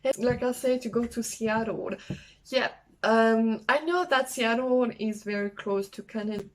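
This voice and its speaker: A young woman from France with a French accent, chatting casually and haltingly in a travel vlog, with many fillers. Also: on the high side, a little hiss or hum, poor audio. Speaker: travel vlogger. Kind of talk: casual solo vlog talk.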